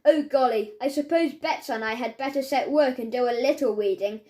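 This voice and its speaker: A woman's voice: sits high, moderate pace, mellow, close to an everyday voice. A woman voicing a young schoolboy who exclaims sheepishly in a storybook reading.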